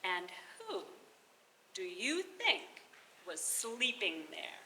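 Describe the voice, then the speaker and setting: A woman telling a folk tale aloud at a live bardic gathering, animated and chuckling between lines. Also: medium pitch, very slow, slight background noise. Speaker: storyteller. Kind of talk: live oral storytelling. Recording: roomy live venue.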